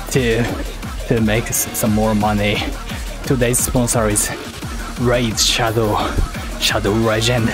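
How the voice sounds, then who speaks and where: A man chatting casually on a livestream, halting and repeating words as he teases his chat playfully. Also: mid-range voice. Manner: playful teasing.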